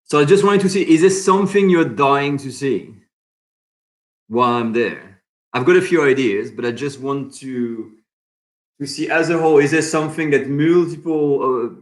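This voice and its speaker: A man from France with a French accent, hosting a cooking channel live stream in casual chat, reading out and answering viewer comments. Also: mid-range voice. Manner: chatty, reads viewer comments aloud and answers them.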